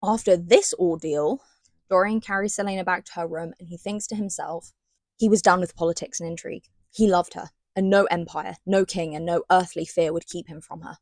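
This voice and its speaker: A young woman giving an animated, sarcastic and rambling book recap in casual chat. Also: on the low side, a little fast, no room sound. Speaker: book reviewer.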